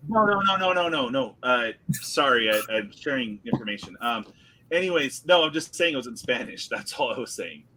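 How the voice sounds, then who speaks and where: Lively bright-voiced man chatting on stream. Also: medium pitch, brisk. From California. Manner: animated, laughs often, drinks and toasts viewers. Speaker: host. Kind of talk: casual live stream chat.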